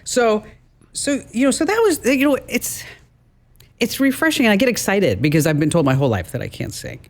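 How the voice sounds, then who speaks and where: A woman's voice: lively intonation, brisk. A woman hosting a radio show, chatting casually and laughing easily with her guest. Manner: low, husky-leaning speaking voice, laughs easily.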